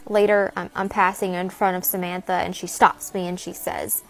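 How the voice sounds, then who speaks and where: A woman telling a story in an excitable way, acting out the voices. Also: medium pitch, brisk, vocal fry, few pauses, faint music behind. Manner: animated, excitable, mimics voices. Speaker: TikTok storyteller. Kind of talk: casual storytelling.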